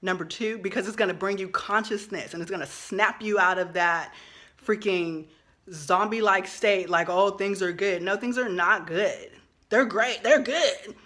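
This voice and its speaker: Bright-voiced, fired-up woman vlogger. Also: on the low side. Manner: passionate, emphatic, swears freely, rising to outbursts. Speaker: social worker. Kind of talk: impassioned vlog monologue.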